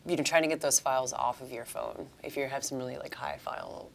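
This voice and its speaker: A woman's voice: a bass voice, steady tone, fast talker, vocal fry. A woman co-hosting a live tech show, chatting casually with playful asides and ready laughter. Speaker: co-host.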